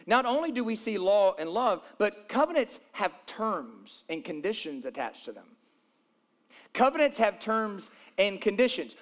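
A man preaching a sermon, reading scripture aloud and explaining it with emphatic repetition of key phrases. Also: high voice. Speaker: pastor.

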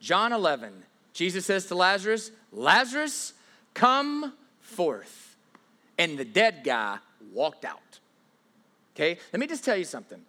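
A man preaching a sermon as pastor, emphatic, swinging from loud bursts to hushed lines and repeating himself on restarts. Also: high voice, huge pitch swings, a little slow.

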